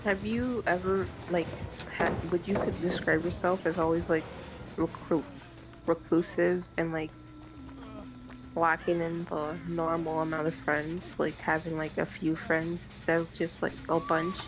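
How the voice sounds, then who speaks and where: A woman's voice: deep voice, flat delivery, measured pace, over music. A woman chatting casually on a stream, blunt and teasing, rambling with many fillers. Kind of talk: casual chat.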